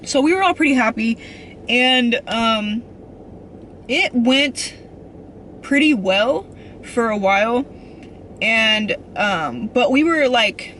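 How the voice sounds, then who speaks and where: A young woman shares a personal story on her vlog with a bright, forward tone. She rambles and restarts often, earnest and emotional. She leans on casual fillers as she goes. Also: a little high, expressive, slow, long pauses, a little hiss or hum. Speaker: vlogger.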